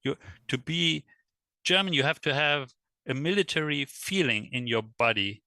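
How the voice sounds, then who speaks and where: A man speaking English as a second language in a casual interview, halting and searching for words, at times animated. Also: a little high, dry recording. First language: not English. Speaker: guest, electric car world traveler.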